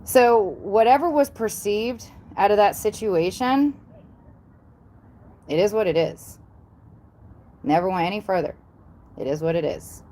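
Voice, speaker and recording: A woman's voice: medium pitch, expressive, measured pace, pauses often, mellow. Rambling Southern woman on a livestream. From American South. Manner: rambling, repetitive, blunt with frequent ums and mild swearing. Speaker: YouTuber on a livestream. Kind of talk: casual livestream chat.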